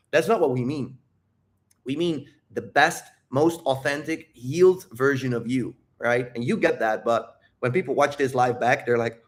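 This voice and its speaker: A man's voice: mid-range voice, moderate pace. A man coaching on dating in a live Q&A, talking casually with lots of swearing, tangents and self-interruptions. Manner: profane, animated, rambling with self-interruptions. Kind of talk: casual livestream talk.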